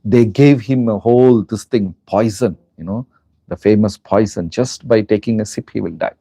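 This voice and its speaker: Delivering a spiritual lecture, a teacher with an Indian English accent tells stories with animation and poses rhetorical questions to his listeners. His voice sits on the low side, warm in tone, at a normal speed, with no room sound.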